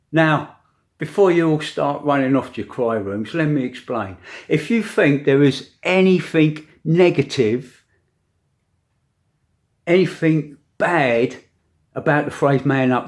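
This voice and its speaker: An older man with grandchildren, a vlogger, delivers a preachy opinion rant to the camera in a mid-range voice, using dramatic pauses and emphatic repetition.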